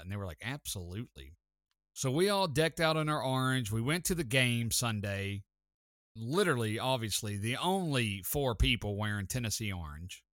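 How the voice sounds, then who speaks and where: A man hosting a sports talk show, telling stories in an excited, chatty way. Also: medium pitch, normal speed, no room sound, studio quality. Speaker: sports podcast host. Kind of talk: casual sports talk storytelling.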